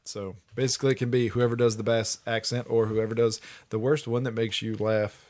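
A man's voice: medium pitch, level tone, brisk, a little mellow. A man hosting a casual podcast, joking around, laughing often and swearing casually. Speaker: podcast host. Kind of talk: casual chat.

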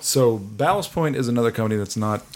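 A man's voice: medium pitch, lively intonation, quick pace. A man co-hosting a casual podcast, talking in a laid-back, candid, joking way. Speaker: podcast co-host. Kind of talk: casual chat.

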